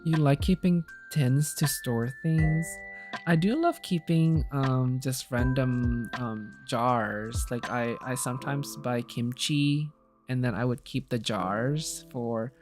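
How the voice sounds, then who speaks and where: Low-voiced woman streaming a cozy game. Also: slow, over music. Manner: chatty, relaxed, filler-laden asides. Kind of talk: casual game commentary.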